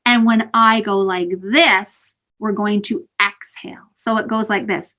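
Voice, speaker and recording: A woman teaching children mindfulness breathing over a video call, in an animated, sing-song way. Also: mid-range voice, measured pace. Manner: animated, sing-song, calls kids sweethearts. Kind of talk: teaching kids breathing exercises. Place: home, virtual session.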